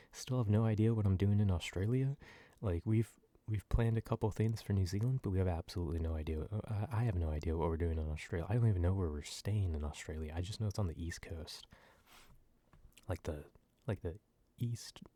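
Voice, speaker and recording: A man on a close microphone in a soft-spoken ASMR ramble, ranting loosely with lots of fillers and swearing, sometimes sinking to near whispers. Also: sits low, no room sound. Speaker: ASMR channel host.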